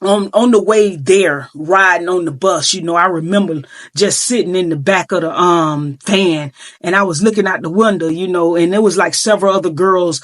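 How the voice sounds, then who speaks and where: A woman's voice: fairly low pitch, moderate pace. A middle-aged woman earnestly recounting her own life story in a vlog, emotional and full of filler phrases. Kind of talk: personal storytelling.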